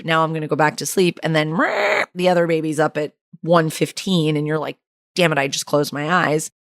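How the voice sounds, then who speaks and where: A woman's voice: deep voice, no room sound, studio quality. A young woman hosting an advice podcast, telling stories in a chatty way with lots of "like" fillers. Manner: chatty storytelling, frequent "like" fillers. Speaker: podcast host and infant caregiver.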